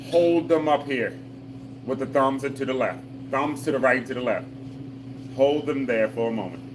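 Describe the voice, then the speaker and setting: A man's voice: mid-range voice, noisy background. A man leading a live exercise class for seniors, giving patient, repetitive step-by-step cues with folksy jokes. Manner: patient, repetitive coaching with call-and-response cues. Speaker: senior fitness instructor.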